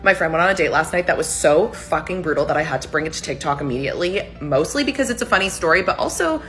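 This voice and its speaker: A woman's voice: low voice, expressive, quick pace, fairly bright tone, faint music behind. A woman telling a friend's story in a casual storytime rant, blunt and swearing freely.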